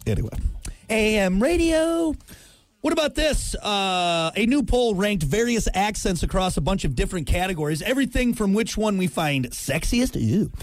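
A man's voice: high voice, big pitch swings, a little fast, few pauses, dry recording. An American man hosting a radio show, joking and rambling in casual banter. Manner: joking, rambling, with frequent impressions. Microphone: studio microphone.

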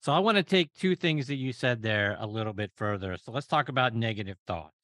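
Bright, lively male podcast host. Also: mid-range voice, a little fast, no echo, clean studio sound. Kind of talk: interview.

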